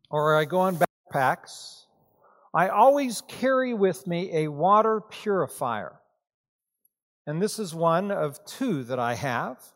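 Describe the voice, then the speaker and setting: A man preaching a sermon, reading scripture and then telling a joke and talking to his congregation. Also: high-pitched. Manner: storytelling, joking with the congregation. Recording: reverberant hall sound.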